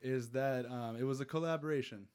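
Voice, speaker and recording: An easygoing young man hosts a casual podcast at a middle pitch. He stumbles over words and circles back to repeat himself as he talks. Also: brisk, darkish tone, smooth. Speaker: podcast host. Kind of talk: casual chat.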